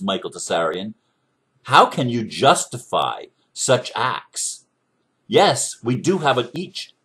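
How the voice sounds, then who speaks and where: A man delivering a fervent commentary monologue, his pitch swinging widely as he presses each point. He talks in an emphatic, preaching way and keeps firing off rhetorical questions. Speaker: commentator responding to another speaker.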